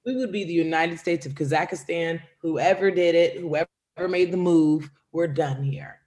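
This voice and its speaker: A woman's voice: lowish voice, moderate pace, darkish tone. Playful, riffing woman comedian. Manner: playful and bold, riffing on absurd bits. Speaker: comedian co-host. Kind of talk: casual comedy podcast chat.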